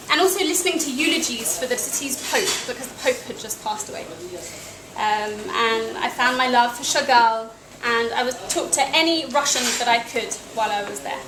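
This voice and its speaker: A young British woman from England telling a wry, self-deprecating personal travel story to a live audience. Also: high voice. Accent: British English. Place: cafe event room. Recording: echoey cafe with noisy ambience.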